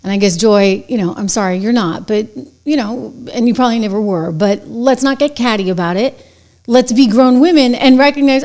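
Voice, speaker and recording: A middle-aged woman hosting her own show, delivering brisk, sarcastic, conversational commentary on the news. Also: fairly high pitch, darkish tone. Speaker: show host. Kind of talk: opinionated commentary.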